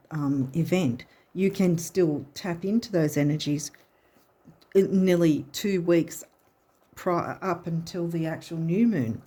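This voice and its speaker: A woman's voice: deep voice, warm tone. A woman giving a casual tarot reading, chatty and encouraging, often restarting her sentences. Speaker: tarot and astrology reader.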